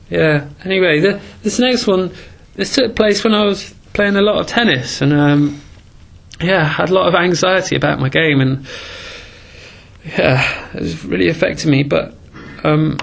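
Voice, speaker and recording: A man raps rhymed dream stories over loud music and muses hesitantly between the verses. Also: fairly high pitch, vocal fry. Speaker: comic rapper. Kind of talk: rapping dream stories in rhyme with chatty asides.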